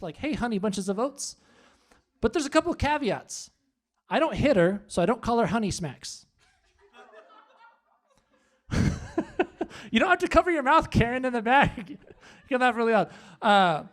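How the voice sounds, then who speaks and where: A man hosting a comedy show on stage, doing his stand-up set with punchy, animated delivery and asides to the crowd. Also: sits high. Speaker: stand-up host. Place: comedy club. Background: audience laughter.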